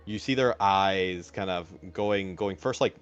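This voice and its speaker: A man's voice: low-pitched, measured pace, clear, resonant tone, muffled recording, faint music behind. A man narrating as game master of a tabletop game, rambling with many fillers and restarts.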